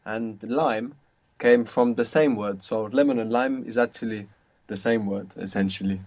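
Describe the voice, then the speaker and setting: A man's voice: fairly low pitch, moderate pace, darkish tone. A man teaching as a language teacher on an audio course, patient and explaining things step by step.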